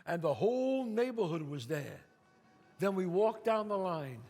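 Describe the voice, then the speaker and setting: Performing alone on stage, a Bronx man tells a dramatic, streetwise story in a high-pitched, sing-song voice with a darkish tone, going a little slowly. Stage reverb from the hall is audible.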